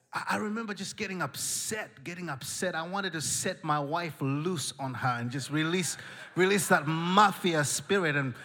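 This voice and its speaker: A male pastor preaching a sermon, telling a story with humor and lively animation. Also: fairly high pitch.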